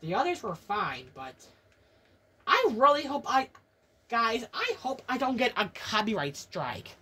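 A woman's voice: fairly high pitch, very animated, measured pace, pushed and bright, slightly rough. A woman doing reaction commentary, jumpy and exclaiming, swearing often. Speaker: video reactor. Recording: distant mic with music behind. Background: music.

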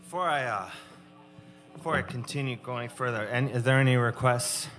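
Crude deadpan comedian at a club. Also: male voice, medium pitch, moderate pace, faint music behind. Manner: deadpan, crude, rambling storytelling. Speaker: stand-up comedian and musician. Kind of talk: stand-up comedy set. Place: live music club stage.

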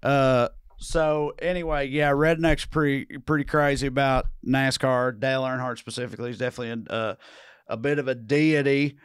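A man's voice: mid-range voice, steady tone, moderate pace, dry recording, studio quality. A man co-hosting a podcast, chatting casually and swearing easily. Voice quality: smooth, laughing, swears casually. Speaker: podcast co-host. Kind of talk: casual chat.

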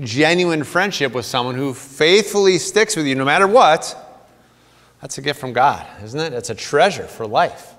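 A man's voice: mid-range voice, fairly bright tone, long reverb tail. A man preaching a sermon as pastor, reading scripture aloud in an earnest way with playful asides. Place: church sanctuary.

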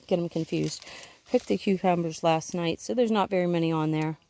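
A homesteading vlogger gives a chatty, rambling tour of her vegetable garden outdoors, correcting herself as she goes. She films herself on a handheld camera. Her voice is lowish and warm, and she speaks a little fast.

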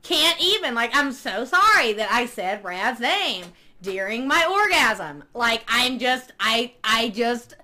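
A woman playing a crude, excitable female superfan who swears constantly and talks dramatically. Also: a little high, slow, few pauses, heavily acted. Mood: ranting. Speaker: fan club member. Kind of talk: comedy sketch acting.

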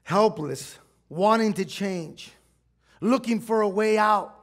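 Gravelly-voiced man preaching a heartfelt testimony. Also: high-pitched, slow. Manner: emotional, confessional storytelling that swells to shouting. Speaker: pastor. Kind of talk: sermon testimony. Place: church sanctuary.

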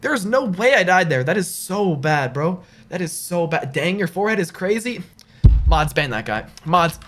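A man's voice: high-pitched, very animated, normal speed, background noise. A young man live-streaming a video game, talking to chat in a slangy way and repeating himself when frustrated.

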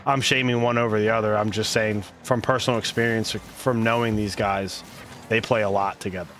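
A man's voice: fairly low pitch, fairly even intonation, fairly quick, a bit bright, a little hiss or hum. A man hosting a stream and adding playful, jokey color commentary, greeting viewers along the way.

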